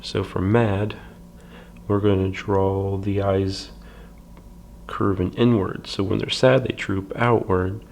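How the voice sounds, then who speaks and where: A man with a deep, gravelly voice leads a slow, patient drawing lesson. He speaks low and flat, with many pauses and fillers, and sometimes drops to a soft half-whisper as he draws. A faint hiss of background noise sits under his voice. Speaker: library drawing instructor.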